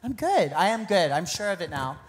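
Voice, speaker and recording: A woman's voice: fairly low pitch, sing-song, brisk, slight background noise. A woman hosting a live pageant on stage, chatting playfully with contestants and laughing often. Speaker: pageant host. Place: live pageant show in a concert venue.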